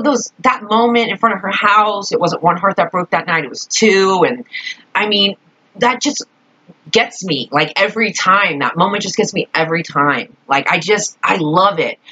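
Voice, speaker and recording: A young woman vlogger chatting casually about a show, rambling and expressive, swearing freely. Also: mid-range voice, husky. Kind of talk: casual fan chat. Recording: dull lo-fi home recording.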